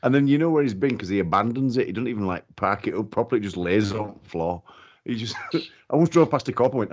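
A man's voice: on the low side, animated, fast talker. A man, chatting casually as a podcast co-host, swearing freely and laughing a lot while telling stories. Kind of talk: casual chat. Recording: dull lo-fi audio.

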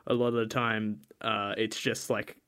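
A man's voice: on the low side, little pitch movement, a little slow, fairly bright tone, smooth. A man co-hosting a casual film podcast, talking in loose, rambling sentences with many fillers and restarts. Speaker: podcast co-host. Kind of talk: casual movie review chat.

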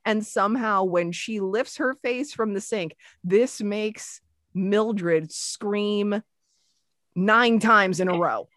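Animated, foul-mouthed woman podcaster. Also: medium pitch, takes it slowly, dry recording, clean studio sound. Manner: animated, swears freely, many restarts. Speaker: podcast co-host. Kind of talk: casual chat.

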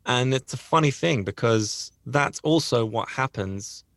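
A man's voice: medium pitch, animated, a little slow, gravelly, no echo, studio quality. A man hosting a podcast, telling a personal story in a rambling, earnest way with frequent restarts. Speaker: podcast host. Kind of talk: casual storytelling.

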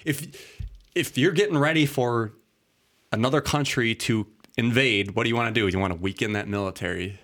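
Tipsy guy hosting a chat show, rambly, laughs a lot, regular pitch. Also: fairly quick, fairly bright tone. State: tipsy from drinking. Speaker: podcast host. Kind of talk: casual chat.

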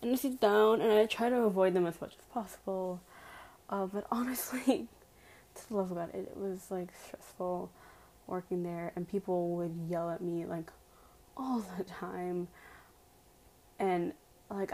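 A woman's voice: fairly low pitch, warm tone, rough recording. A woman telling a personal story to her viewers in a casual, emphatic way, full of "like" fillers and direct appeals.

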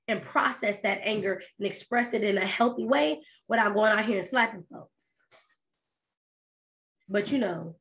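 A woman hosting a podcast in a casual monologue, talking conversationally and firing off animated rhetorical questions. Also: fairly high pitch. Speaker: podcast host.

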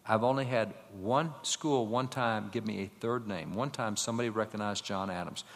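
A man giving a slide-show lecture to an audience, telling stories, asking rhetorical questions and running through quick lists of names. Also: on the low side, in a large hall. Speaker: public speaker.

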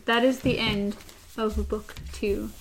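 A woman's voice: medium pitch, fairly even intonation, slow pace, slight background noise. A woman hosting a casual book discussion, joking and laughing with her co-host. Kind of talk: casual chat and reading aloud.

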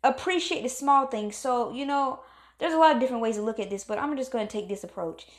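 High-voiced woman giving an emphatic pep talk. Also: fast. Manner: emphatic and preachy, repeats phrases for stress; calls on God in exclamations. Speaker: motivational speaker.

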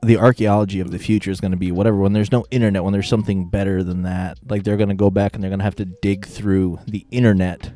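A man's voice: flat delivery, quick pace, few pauses. A young American man co-hosting a podcast in casual chat, joking and laughing often. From United States. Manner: jokey, laughs often, breaks into loud high laughter. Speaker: podcast co-host.

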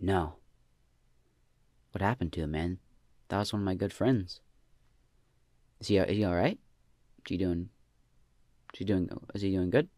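Young man, comedy podcast host, deadpan slacker drawl, dry close mic. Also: sits low, normal speed, long pauses, dry recording. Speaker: podcast host answering listener questions.

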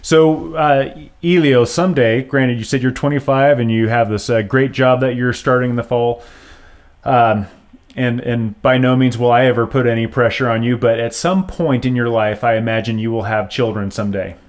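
A man's voice: mid-range voice, steady tone, moderate pace. Middle-aged man hosting a casual chat. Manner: friendly, curious, rambling questions with restarts. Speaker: host.

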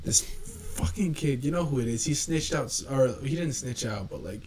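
A man's voice: mid-range voice, lively intonation, moderate pace, a little mellow, slight background noise, low-quality recording. A young man, a podcast co-host, telling a heated story in casual chat, swearing heavily and acting out the people he quotes.

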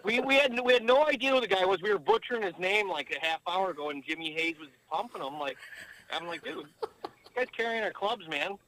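A man with a notably high speaking voice tells loose, rambling stories as a podcast guest. He swears freely and packs his talk with filler words. He is calling in remotely from a car. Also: fast talker, fairly bright tone, a little hiss or hum, low-quality recording. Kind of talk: casual storytelling. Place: driving in a car.

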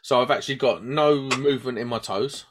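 A British man in casual chat who spins a rambling tale and slips into little voices for the people in it. He speaks at an ordinary mid pitch, neither deep nor high. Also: fairly quick, noisy background. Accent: British English. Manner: rambling and animated, acts out voices in his stories.

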